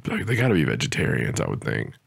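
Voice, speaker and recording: A man's voice: very deep voice, wildly swooping pitch, fast, gravelly, husky. A man co-hosting a podcast in casual chat, joking and wisecracking often. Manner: joking, wisecracking, drifts into bits. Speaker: podcast co-host.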